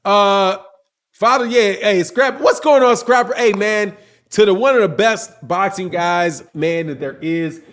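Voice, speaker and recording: Slangy high-voiced man chatting on a stream. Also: a little slow, a bit bright. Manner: reads chat comments aloud, slangy and rambling. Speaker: boxing channel host. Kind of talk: casual livestream chat.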